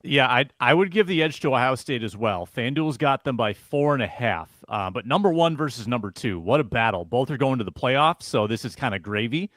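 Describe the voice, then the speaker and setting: A man co-hosting a sports talk show, briskly asking questions and running through picks. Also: medium pitch, animated, a bit bright, no room sound. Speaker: co-host.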